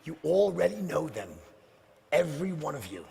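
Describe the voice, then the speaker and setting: A man giving a live sales seminar, talking straight to the audience with rhetorical questions and swinging between loud bursts and hushed near-whispers. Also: fairly high pitch, sing-song, moderate pace, vocal fry, big-room sound.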